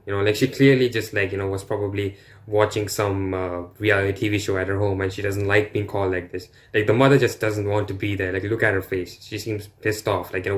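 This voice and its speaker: A man with a slightly low voice talks loosely over a video he is reacting to. He rambles, piles up fillers and drops crude asides as he goes. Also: flat delivery, brisk, few pauses. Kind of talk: casual reaction commentary.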